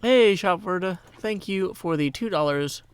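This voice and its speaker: Thanking donors between jokes and rambling asides, a Tennessee streamer chats casually during gameplay. His clean-toned voice sits high and moves a little slowly, without any echo.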